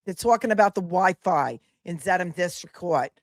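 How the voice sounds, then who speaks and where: A woman's voice: fairly low pitch, lively intonation, normal speed, dry recording, clean studio sound. A woman attorney hosting a live commentary stream, chatty and sassy, laughing often as she talks to viewers.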